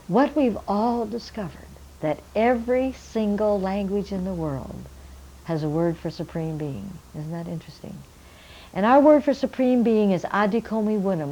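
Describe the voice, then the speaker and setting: A woman's voice: lowish voice, warm tone, a little hiss or hum, poor audio. An older woman, a missionary Bible translator, earnestly telling a story from her work and addressing her listeners as friends. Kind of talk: storytelling testimony.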